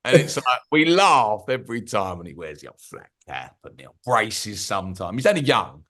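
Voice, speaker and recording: A man's voice: on the low side, sing-song, moderate pace, fairly bright tone. Man, podcast co-host, chatty anecdotes, laughs along. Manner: chatty storyteller, laughs at his own anecdotes. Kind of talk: casual chat.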